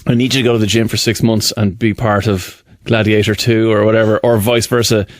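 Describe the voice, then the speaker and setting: A man co-hosting a radio show, talking quickly in long rambling questions. His voice has a middle pitch. The studio sound is dry and close. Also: level tone, no room sound. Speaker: radio co-host. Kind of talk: radio interview chat. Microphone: studio microphone.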